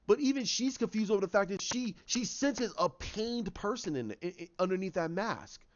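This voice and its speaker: A man giving casual commentary on films, rambling and animated, acting out scenes in voices. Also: sits high, moderate pace, dull audio. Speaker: YouTube commentator.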